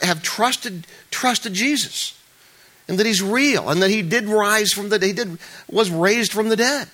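A male pastor giving a relaxed, conversational sermon, his pitch swinging widely from low asides up to bright, emphatic peaks. He talks informally to the congregation, tosses in joking remarks, and often restarts his sentences as he goes.

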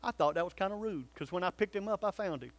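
A male pastor preaching a sermon, swinging between loud calls and hushed, earnest pleading. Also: high voice, lively intonation, fast talker.

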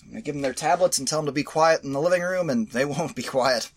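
A man's voice: a little high, quick pace. A man co-hosting a podcast, making dry, teasing wisecracks in casual chat. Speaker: podcast co-host.

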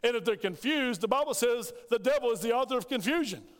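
High-voiced preacher in a reverberant church. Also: male voice, animated, fast. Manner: preaching with rhetorical questions, quoting scripture in acted voices. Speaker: pastor. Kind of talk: sermon. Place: church sanctuary. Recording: long hall reverb.

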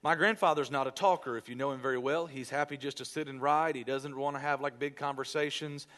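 A man preaching a sermon in church, leading a hushed prayer and telling a family story with lively quoted voices. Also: mid-range voice, a little fast. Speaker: pastor.

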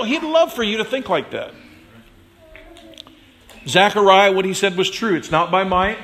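This pastor's sermon moves at a moderate pace in a bright, forceful tone with big pitch swings. He keeps it conversational, naming congregation members directly and performing the quoted voices in his stories with dramatic pitch changes.

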